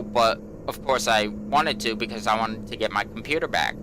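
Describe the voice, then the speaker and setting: Speaking at a moderate pace in a fairly low pitch, this gaming-channel host rambles through a lengthy tale about daily life over a noisy background. He repeats himself a lot and fills pauses with "you know," in a relaxed storytelling vlog.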